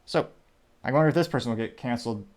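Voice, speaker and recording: A man hosting a casual commentary show, wryly reading out posts and their like counts. His pitch sits in the everyday middle range for a man. He rambles through asides at a loose pace. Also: fast, background noise. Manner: wry, rambling, reads quotes aloud with "quote, unquote". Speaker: show host.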